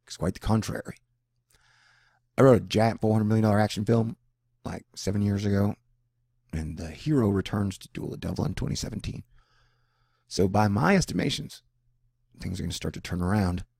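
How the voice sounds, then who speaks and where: Gravelly-voiced man rambling animatedly. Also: no echo, studio quality. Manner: animated, swings between loud bursts and low mutters. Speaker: vlogger. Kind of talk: rambling personal monologue.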